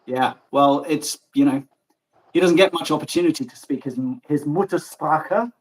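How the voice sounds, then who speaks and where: A man from Germany hosts a casual morning chat stream. He talks in an animated, gobby way and swears without a second thought. His voice is husky and sits a little high. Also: normal speed, low-quality recording. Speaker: livestream host.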